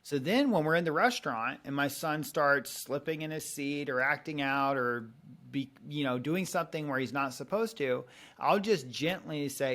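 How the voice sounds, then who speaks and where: A man's voice: fairly high pitch, normal speed, fairly bright tone. A man in his thirties on a podcast, earnestly explaining a parenting method and acting out little example conversations. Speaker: parenting coach guest.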